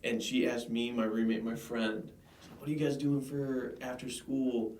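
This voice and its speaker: A man's voice: medium pitch, measured pace, slight background noise. A young man co-hosting a casual science podcast, telling chatty, rambling stories. He sits some way from the mic, and his voice rings in a roomy space. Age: young adult. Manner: chatty, rambling tangents, lively storytelling. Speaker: podcast co-host. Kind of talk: casual interview chat. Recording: echoey room, distant mic.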